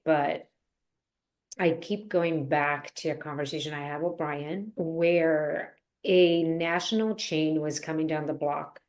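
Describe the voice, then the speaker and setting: A woman who owns child care centers, telling a story in an animated way in an interview and laughing easily. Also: sits low. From New Jersey. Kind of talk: conversational interview.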